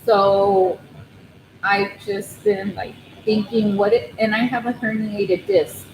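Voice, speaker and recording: Slow, hesitant woman chatting on a livestream. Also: medium pitch. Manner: rambling and hesitant, many ums and restarts; nervous, soft-spoken. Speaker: crochet channel host on a livestream. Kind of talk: casual live chat with viewers. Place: living room at home. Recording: roomy room with steady background noise.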